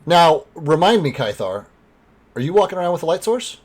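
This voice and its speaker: A man's voice: on the high side, brisk. Man running a tabletop game. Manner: relaxed, explains rules with fillers. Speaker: game master.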